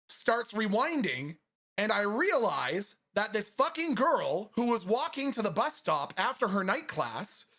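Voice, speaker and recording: A man's voice: high-pitched, a bit bright. A young man, a streamer, telling a funny story in a casual, profane, self-mocking way.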